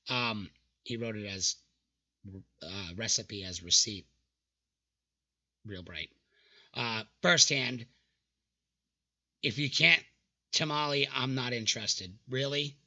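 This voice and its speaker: Gravelly mocking young man. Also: mid-range voice, slow, pauses often, bright, forceful tone, muffled recording. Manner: mocking, exasperated, swears freely. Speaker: channel host reacting to dating app screenshots. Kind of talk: casual reaction commentary.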